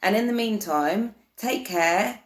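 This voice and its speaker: A woman's voice: medium pitch, slow pace. Earnest woman in a roomy room. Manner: earnest, meandering, many restarts. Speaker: spiritual vlogger. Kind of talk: casual spoken explanation to camera. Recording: roomy echo.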